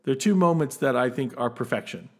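Podcast host, male; eager, rambling, laughs easily, ordinary middle pitch. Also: fast talker. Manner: animated, enthusiastic, laughs often, many restarts. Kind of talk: casual film discussion.

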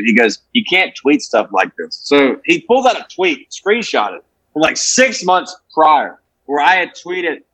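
A man's voice: mid-range voice, fairly bright tone, dry recording, poor audio. Brash guy in his 20s, cussing a lot, rambling stories, dry close sound. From Alabama. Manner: profane, brash, rambling with restarts. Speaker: comedian guest. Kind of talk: casual podcast storytelling.

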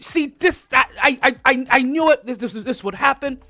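A man's voice: very high voice, moderate pace, vocal fry, hardly any pauses, pushed and bright. A man hosting a sports podcast, ranting in a heated, profane way and stumbling over repeated words when riled up. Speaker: podcast host. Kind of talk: sports rant.

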